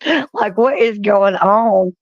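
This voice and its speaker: A speaker chatting slowly and giggling on a live stream call over a muffled, low-quality mic. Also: no echo. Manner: slow, giggly, self-mocking. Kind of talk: casual group chat on a live stream.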